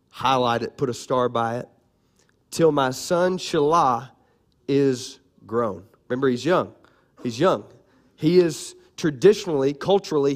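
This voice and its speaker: A man pastor preaching a sermon in church, animated and playful, calling out to his congregation. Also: medium pitch.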